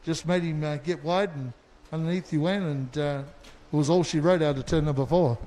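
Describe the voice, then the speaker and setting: A man's voice: on the high side, brisk, mellow, big-room sound. A man working as a trackside reporter, interviewing drivers after a race in an enthusiastic, exclaiming way.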